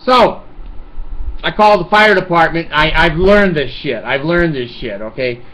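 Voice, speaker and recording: A man's voice: on the high side, expressive, measured pace, fairly bright tone, poor audio. An older man telling a rambling, profane story in a casual monologue, chuckling often. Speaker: vlogger.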